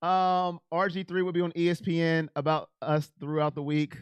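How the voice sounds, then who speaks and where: Animated man hosting a chatty live stream. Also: a little high, normal speed, clean tone, no room sound. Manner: animated, emotional, talks to chatters by name. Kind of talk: casual live chat about football.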